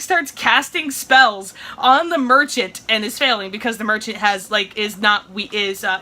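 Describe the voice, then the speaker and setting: Casting note: young Midwestern woman, high and bright, rambling giggly vlog chatter. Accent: Midwestern American. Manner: rambling, giggly, fast storytelling. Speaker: vlogger. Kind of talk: casual vlog chat while cooking.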